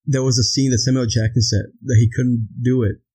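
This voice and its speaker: A man's voice: mid-range voice, level tone, a little fast, mellow, husky, poor audio. A young man co-hosting a casual podcast chat about a film, rambling with many fillers. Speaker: podcast co-host.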